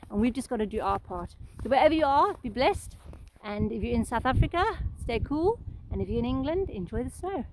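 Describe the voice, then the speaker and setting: Fast-talking woman vlogging outdoors. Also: on the high side, slight background noise, poor audio. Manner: warm, chatty storytelling with fillers. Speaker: Christian vlogger. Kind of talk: casual devotional testimony. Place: outdoors in a snowy field.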